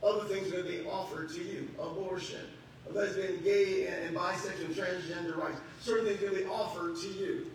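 A man's voice: high voice, steady tone, a little fast. A man preaching a sermon as pastor, building emphasis and acting out conversations. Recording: very echoey hall, mic far off, faint hum.

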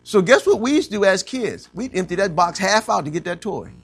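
A man preaches with a gravelly, slightly high voice. He swings from loud, animated bursts to hushed, low stretches. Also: brisk, no echo. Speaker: pastor. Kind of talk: sermon.

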